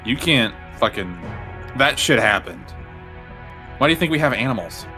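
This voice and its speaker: A man's voice: medium pitch, animated, normal speed, pushed and bright, soft background music. A man streaming casually with friends, swearing freely, restarting sentences and reading game text aloud.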